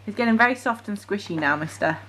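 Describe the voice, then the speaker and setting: In a casual vlog at home, a young Cheshire woman talks to the camera and coaxes her baby son to chew as she feeds him, turning to viewers between times. She speaks quickly with lively intonation at medium pitch, over a noisy background.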